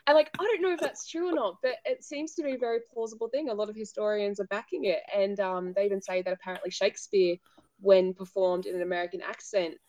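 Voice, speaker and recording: A woman co-hosting a podcast, chatting casually in an animated, talkative way. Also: mid-range voice, fast talker. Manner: animated and chatty, laughs easily. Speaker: podcast co-host. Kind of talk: casual chat.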